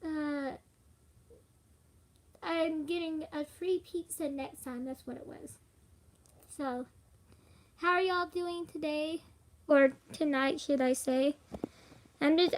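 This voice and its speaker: A tired young woman chatting casually on a live stream, rambling with fillers. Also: sits high. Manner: rambling, with frequent fillers and laughs.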